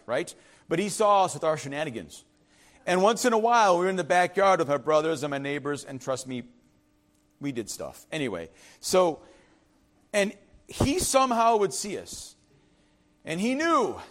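With a fairly high pitch, a male pastor delivers an emphatic, repetitive sermon. He often adds "right?" and alternates loud proclamations with quiet, confiding comments.

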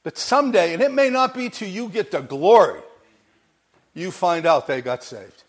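A man preaching a sermon with emphasis, repeating his phrases and swinging from quiet to loud, laughing now and then. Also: sits high, lively intonation, normal speed.

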